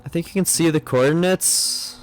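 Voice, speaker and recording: A man's voice: on the high side, normal speed, faint music behind. A young man streaming a game live, rambling and joking at himself as he plays. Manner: rambling, self-mocking, muttering to himself. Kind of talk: live gameplay commentary.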